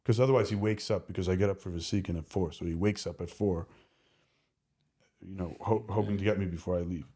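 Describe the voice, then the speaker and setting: A man speaking as a podcast guest, telling candid personal stories in an animated, rambling way, often restarting his sentences. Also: deep voice, fast talker, husky. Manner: animated, rambling, self-interrupting. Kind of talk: candid conversational storytelling.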